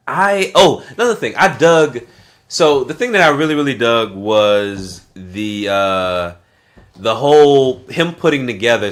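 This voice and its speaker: A man's voice: medium pitch, a bit bright. A man co-hosting a podcast review show, chatting casually and laughing often with lots of profanity. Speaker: podcast co-host. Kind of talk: casual chat.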